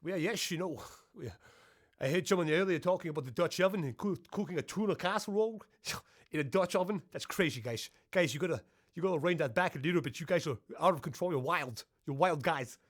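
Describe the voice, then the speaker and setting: A man voicing a laid-back dude who talks low and lazy. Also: fairly quick, natural voice.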